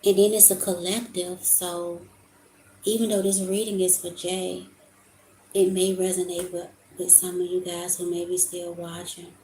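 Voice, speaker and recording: A woman's voice: on the low side, little pitch movement, measured pace, dark tone, slight background noise. A young adult woman giving an emotional, casual tarot reading, talking to her viewers as y'all. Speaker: tarot reader. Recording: echoey room with faint ambience.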